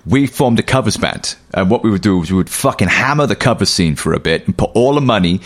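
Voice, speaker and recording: A man hosting a podcast, telling animated anecdotes and swearing freely. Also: fairly low pitch, fast talker. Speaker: podcast host. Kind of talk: casual podcast chat.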